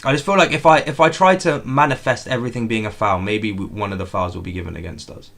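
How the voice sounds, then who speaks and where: A young man hosting a live football watchalong, excitable and repetitive, swinging from outraged exclamations to low muttering. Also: fast talker, gravelly. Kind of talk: live match watchalong commentary.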